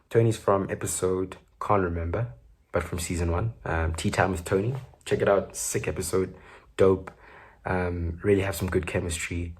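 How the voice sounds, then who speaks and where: South african guy rambling on his pod, low husky voice, lots of ums and jokes. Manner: rambling, joking, full of fillers. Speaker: podcast host. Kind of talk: casual solo chat.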